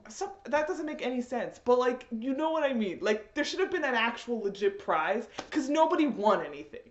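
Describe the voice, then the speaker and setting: A woman reviewing an anime episode in a casual vlog, in an animated, rambling fan rant. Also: sits high. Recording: echoey room, dull lo-fi audio.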